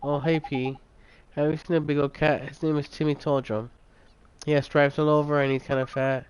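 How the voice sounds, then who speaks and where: A man voicing an earnest young boy in a game, soft-spoken and sincere, his pitch a little raised. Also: flat delivery, normal speed, clean tone, lo-fi sound, natural voice. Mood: curious.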